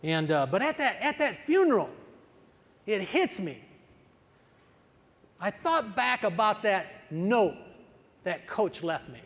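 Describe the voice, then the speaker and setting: An older man, a coach, tells a story from the stage and plays out each exchange with energy. His voice sits high for a man and swings widely in pitch. A long reverb from the big hall hangs behind every word. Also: slow, long pauses. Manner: animated, acts out the dialogue. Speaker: wrestling coach. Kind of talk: storytelling speech. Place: large conference hall.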